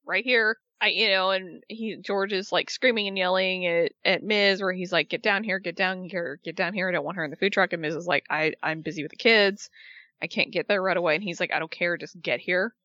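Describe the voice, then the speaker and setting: A woman talks over a show's events in casual chat, animated and quick to act out whoever she is quoting. Her voice is bright, recorded dry with a slightly dull, lo-fi sound. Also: mid-range voice, no echo. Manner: animated retelling, acting out the people she quotes. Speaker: podcast co-host recapping a reality show.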